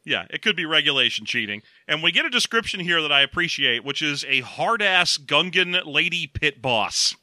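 A man's voice: a little high, lively intonation, normal speed, few pauses, pushed and bright, no room sound. A man co-hosting a podcast, recapping a story in a casual, jokey way. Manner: jokey, playful asides. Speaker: podcast co-host. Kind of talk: casual comedic book recap.

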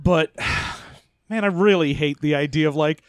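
A man co-hosting a podcast, chatting casually, excitable and swearing freely. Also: fairly high pitch, a little slow, clear, resonant tone, dry recording, studio quality. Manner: excitable, swears freely, slips into silly voices. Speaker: podcast co-host. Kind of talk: casual chat.

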